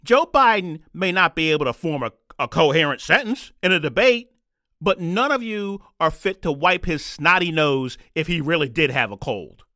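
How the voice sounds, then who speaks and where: A man's voice: on the high side, animated, moderate pace, sharp tone, no echo. A man hosting his own podcast, delivering a heated, sarcastic political rant. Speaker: podcast host. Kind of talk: solo political commentary rant.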